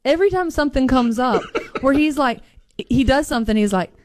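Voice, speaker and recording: A woman's voice: high voice, fairly quick. Young woman. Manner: animated storyteller, laughs often. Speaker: podcast co-host. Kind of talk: casual chat.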